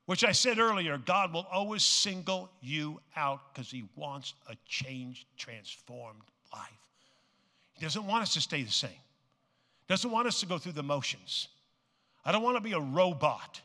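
A man's voice: on the high side, expressive, a little slow. Dramatic preacher man in an echoing hall. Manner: dramatic, swings from hushed to shouting; repeats phrases for emphasis. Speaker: pastor. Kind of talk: sermon. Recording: long reverb of a large hall.

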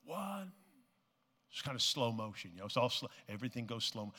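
A man preaching a sermon. He swings from hushed tones to shouting and repeats phrases for emphasis. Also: medium pitch, very animated, brisk, a little hiss or hum. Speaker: pastor. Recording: long reverb of a large hall.

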